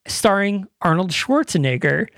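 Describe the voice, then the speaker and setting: A man's voice: sits high, very animated, normal speed, creaky, a bit bright, no room sound, clean studio sound. A man co-hosting a podcast, chatting casually, rambling and enthusiastic with casual swearing. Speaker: podcast co-host. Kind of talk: casual chat.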